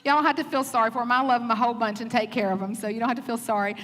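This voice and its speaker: A woman with a Southern US accent gives a Mother's Day sermon in a high, bright voice. She speaks candidly and with humor, acting out little quotes as she tells stories from her own family life. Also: fairly even intonation, very fast. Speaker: pastor's wife speaking at church.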